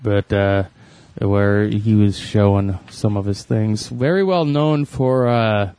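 A man's voice: on the low side, takes it slowly, mellow, smooth. A man co-hosting a casual chat, laid-back, mostly giving short replies and asides.

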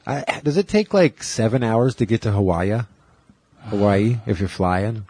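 Husky man joking in a dry room. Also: on the low side, unhurried, a little mellow, dry recording. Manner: joking, rambling, jumps into mock singing. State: a little stuffy. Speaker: co-host. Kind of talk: casual podcast chat.

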